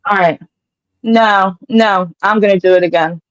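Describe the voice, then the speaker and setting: Female co-host, brisk casual streamer, dull lo-fi dry audio. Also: mid-range voice, fairly even intonation, no echo. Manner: brisk, fussing over technical trouble. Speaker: livestream co-host. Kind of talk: casual livestream chat.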